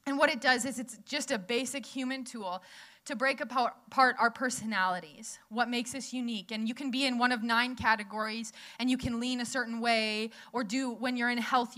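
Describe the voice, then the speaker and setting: A woman's voice: on the high side, steady tone, a little fast, sharp tone. A young woman preaching in a casual, chatty way, asking the audience questions and laughing often. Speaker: speaker at a church gathering. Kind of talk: casual sermon.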